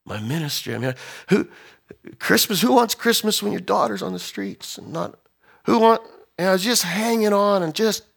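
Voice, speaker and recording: A man's voice: high voice, lively intonation, vocal fry, a bit bright, pitched above the performer's own voice, full character voice. A man as a weary, desperate pastor. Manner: halting, emotional, repeated phrases. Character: weary middle-aged male pastor, desperate.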